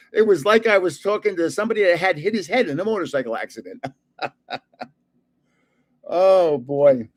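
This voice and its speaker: An older man, a card channel host, tells rambling celebrity stories in casual chat and laughs often. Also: a little high. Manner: chuckling, rambling anecdotes.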